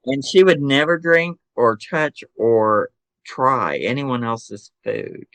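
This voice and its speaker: An older man with a Southern American accent, telling animated family stories as a podcast guest and acting out voices. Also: medium pitch, slow pace, no room sound. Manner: animated storyteller who acts out relatives' voices. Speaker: podcast guest, psychic medium and author. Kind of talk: casual storytelling interview.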